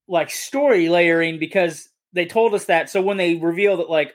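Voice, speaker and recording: High-voiced man rambling about a movie. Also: normal speed. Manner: rambling, self-correcting, enthusiastic. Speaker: podcast co-host. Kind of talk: casual movie discussion.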